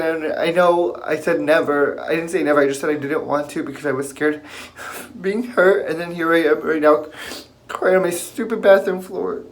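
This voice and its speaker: A young man vlogging while crying on a bathroom floor, halting and full of fillers. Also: high-pitched. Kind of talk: emotional confessional vlog.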